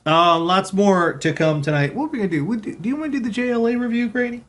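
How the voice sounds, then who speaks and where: A man's voice: high-pitched, fast. A man hosting a live radio show, chatting casually and now and then cooing to his cat. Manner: chatty, talks to his cat in a soft baby voice.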